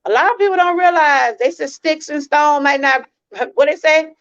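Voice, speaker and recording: A woman's voice: sits high, normal speed, a bit bright, muffled recording. A woman from Georgia, hosting a live-stream testimony talk, earnest and repeating herself as she speaks straight to her viewers. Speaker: channel host.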